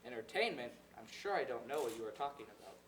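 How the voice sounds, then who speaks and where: A young man on a school stage playing a fussy, easily offended gentleman who is indignant and proper, recorded from far off in an echoey hall. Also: mid-range voice, very animated, quick pace, noisy background, lightly acted. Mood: wary. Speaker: student actor.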